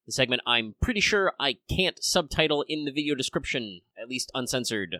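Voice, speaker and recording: A man's voice: medium pitch, lively intonation, fairly quick, hardly any pauses, sharp tone, no room sound. A man hosting a casual podcast chat, rambling with lots of fillers, a bit under the weather. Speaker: podcast host.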